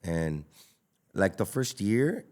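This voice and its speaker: Slow and sing-song, with a low pitch and darkish tone, a taco business owner from Los Angeles, USA, tells his story as a podcast guest. He keeps it casual, emphatic and slangy, leaning on fillers and repeats.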